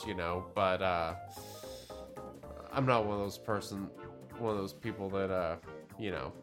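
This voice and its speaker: A man co-hosting a casual podcast, agreeing readily and chiming in with quick remarks. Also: fairly low pitch. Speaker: podcast co-host.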